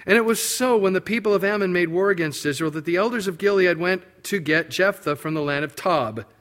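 A male preacher works through a scripture passage verse by verse. His voice sits fairly high, and he acts out the quoted characters in a louder voice. To land his points, he turns low and quiet. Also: brisk. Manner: expository preaching, acting out biblical quotes in raised voices; drops low and quiet for emphasis. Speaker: pastor. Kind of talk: sermon.

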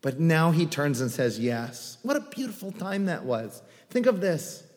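High-voiced man preaching in a reverberant hall. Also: a little slow. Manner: animated, joking asides and acted quotes. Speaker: pastor. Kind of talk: sermon.

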